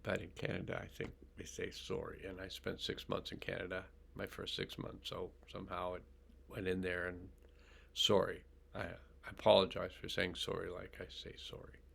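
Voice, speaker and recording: An older man, an energy healer, leading a guided healing meditation in a slow, calm and soothing way with pauses. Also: low-pitched, vocal fry, husky.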